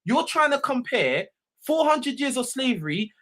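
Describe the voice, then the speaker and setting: A man's voice: very high voice, very animated, normal speed, bright, forceful tone. A man with a London accent hosting a live call-in show, arguing hard with a caller, swearing and repeating slang tags while talking over him. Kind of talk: heated live call-in argument.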